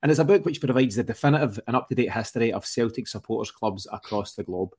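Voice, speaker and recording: This is a man with a voice of middle pitch, hosting a podcast interview. He puts questions to his guests in a friendly way and loosely steers the talk with small fillers. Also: quick pace, a little mellow, slightly rough. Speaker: podcast host.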